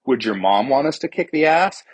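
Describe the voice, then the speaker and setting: A man voicing a blunt male warrior king who jokingly calls himself the voice of reason, in a gruff, folksy way. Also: medium pitch, expressive, normal speed, no echo, voice pushed up. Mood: goofy.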